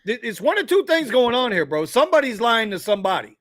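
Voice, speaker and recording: A man's voice: very high voice, sing-song, quick pace, fairly bright tone, no echo, studio quality. A man from Florida, co-hosting a casual talk show, ranting bluntly with plenty of profanity. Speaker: podcast co-host. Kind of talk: casual chat.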